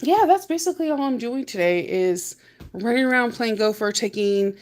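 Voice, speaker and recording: A woman's voice: fairly high pitch, animated, moderate pace, a little mellow. A woman chats through a casual daily vlog from her car, rambling from one thing to the next. She laughs often and acts out little moments from her day as she talks. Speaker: vlogger. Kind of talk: casual chat.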